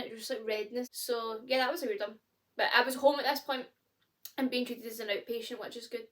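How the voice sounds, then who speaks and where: Scottish woman in her twenties, casual vlogger chat, bright and slightly high voice. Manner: chatty, many fillers, candid and expressive.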